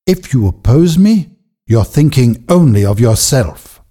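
A wealthy gentleman presses his case earnestly, voiced by a male narrator. The delivery is slow and mellow with a husky grain. His tone rises and falls in lively sweeps. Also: mid-range voice. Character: wealthy gentleman, pleading then agitated.

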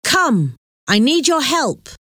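Hurried smuggler guy, slow-read, woman narrator voicing him. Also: high-pitched, very animated, fairly bright tone, dry recording, clean studio sound, voice pushed up, heavily acted. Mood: urgent. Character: male smuggler, gruff and urgent.

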